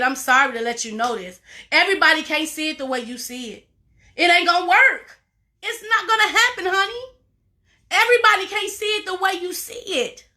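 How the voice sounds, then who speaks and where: High bright-voiced woman coach, preachy and repeats herself a lot. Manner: preachy, repetitive, emphatic. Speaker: life coach. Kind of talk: motivational talk to camera.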